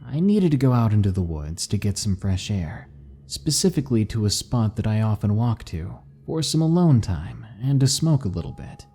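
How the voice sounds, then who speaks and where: A man narrating scary stories in a measured, dramatic reading style. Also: on the low side, very animated, mellow, husky. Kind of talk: scripted horror narration.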